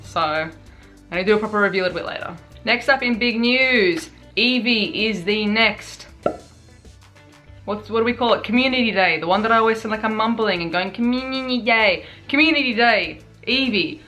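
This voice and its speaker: A woman's voice: medium pitch, fairly quick. Young woman, gaming vlog host, bubbly and tired, faint music bed. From Australia. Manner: bubbly, excitable, chatty with fillers. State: tired, awake for many hours. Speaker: gaming YouTuber. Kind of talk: casual news vlog.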